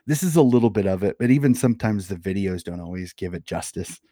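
A man's voice: low-pitched, expressive, fast talker, warm tone, no echo, clean studio sound. A man, a football coach answering interview questions earnestly and often restarting his sentences. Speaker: head coach of an amateur Australian rules football club.

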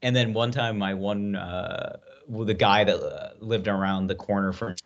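Man, podcast co-host, rambling laughing storyteller, deep-ish voice, dull muffled audio. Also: normal speed. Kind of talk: casual podcast chat. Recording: dull lo-fi sound.

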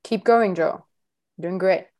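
A woman's voice: fairly low pitch, takes it slowly, a little mellow. A woman coaching a live practice session, direct and insistent, repeating her instructions. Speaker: coaching trainer.

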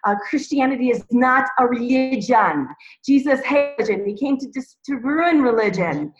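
A woman's voice: high voice, lively intonation, normal speed. A woman podcast guest sharing her faith testimony and leading listeners in prayer, emotional and rambling. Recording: roomy, dull lo-fi sound.

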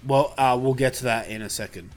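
A man's voice: mid-range voice, fairly quick. A laid-back man chats casually about a film, stumbling through fillers and swearing freely. Faint music plays behind him. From Australia. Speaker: podcast host reviewing a film. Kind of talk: casual chat.

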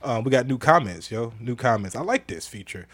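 A man's voice: mid-range voice, sing-song, fairly quick, fairly bright tone, slightly rough, no echo, clean studio sound. A man hosting a casual podcast live stream, reading out viewer comments with a playful, laughing manner. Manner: laughing, playful, repeats phrases. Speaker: podcast host.

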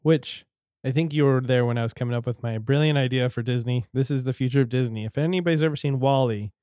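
A man's voice: medium pitch, fast talker, dark tone, clean tone, dry recording, studio quality. Jokey man riffing on a podcast. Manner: jokey, laughs between lines. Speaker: podcast co-host. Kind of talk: casual chat.

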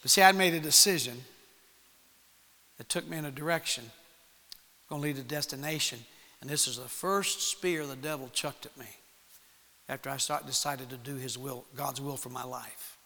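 A man preaching, telling a personal story to young people in an animated way and acting out the voices in it. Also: medium pitch, normal speed, gravelly, long pauses. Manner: animated storytelling with acted-out quotes. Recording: long hall reverb.

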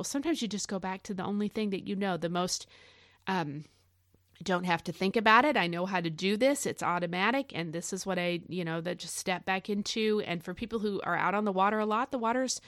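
A middle-aged woman talks casually on her podcast, telling a story with animated energy and plenty of fillers. Her voice sits at a middle pitch. The recording is close and dry, with no room sound. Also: no echo. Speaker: podcast host. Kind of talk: casual devotional podcast chat.

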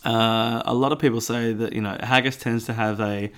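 A man's voice: mid-range voice, steady tone, normal speed, a bit bright, smooth. A man co-hosting a podcast in easygoing, rambling chat. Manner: rambling, easygoing, trails into asides. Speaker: podcast co-host. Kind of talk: casual chat.

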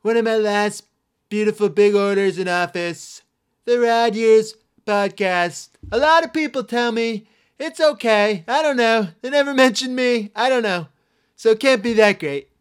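A man's voice: high voice, unhurried, clean tone, voice pushed up. A man doing a comic impression of a boastful older male politician who repeats his boasts and rambles. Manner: self-congratulating, repetitive boasts.

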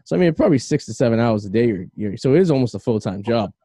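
A Boston man hosts a podcast in quick, rambling, jokey bursts. His voice sits on the mellow, darker side, and the sound is dry and close. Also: mid-range voice, expressive, no room sound. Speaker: podcast host. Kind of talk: casual podcast chat.

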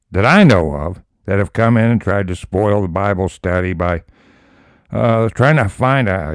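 A low-voiced man reads scripture at an unhurried, deliberate pace, then jumps into emphatic commentary. His voice is smooth and clear, recorded dry and close. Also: dry recording. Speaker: Bible study teacher. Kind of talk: preaching Bible commentary.

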